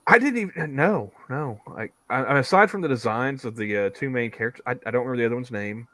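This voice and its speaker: A man's voice: medium pitch, lively intonation, fast talker, bright, forceful tone, no room sound. A man co-hosting a podcast, rambling casually, repeating his words and laughing often. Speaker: podcast co-host. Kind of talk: casual chat.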